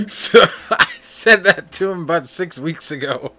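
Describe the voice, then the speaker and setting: A man hosting a casual show, reading off records in a laid-back, joking way with frequent filler pauses. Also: sits high, bright, forceful tone. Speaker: podcast host. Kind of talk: casual chat.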